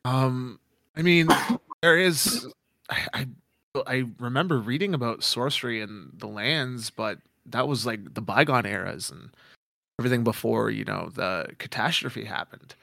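Gravelly game master, rambling narration. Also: male voice, mid-range voice, unhurried, bright, forceful tone, no room sound, studio quality. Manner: rambling, many fillers.

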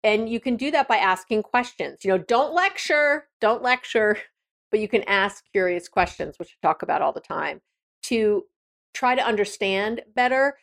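A woman's voice: mid-range voice, animated, normal speed, creaky. A woman hosting an advice podcast, talking frankly and directly in a casual monologue with frequent restarts. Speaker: podcast host.

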